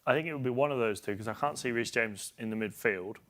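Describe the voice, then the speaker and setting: A man's voice: medium pitch, fast, fairly bright tone. A man talking as a football pundit, thinking aloud with hesitant restarts as he breaks down tactics. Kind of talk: football analysis chat.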